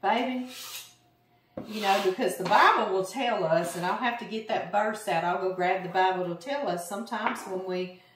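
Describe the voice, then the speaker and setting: A woman's voice: medium pitch, normal speed, a little hiss or hum. Chatty Louisiana woman telling stories in a roomy kitchen. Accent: Southern US, Louisiana. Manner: chatty, sarcastic humor, animated storyteller. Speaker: cooking channel host. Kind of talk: casual storytelling while cooking. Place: home kitchen. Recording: roomy kitchen, mic at a distance. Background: chopping and kitchen clicks.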